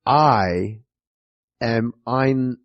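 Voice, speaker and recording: A man's voice: medium pitch, very slow, no room sound, muffled recording. A stand-up comedian in his forties, telling stories profanely and animatedly in a casual podcast chat. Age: 40s.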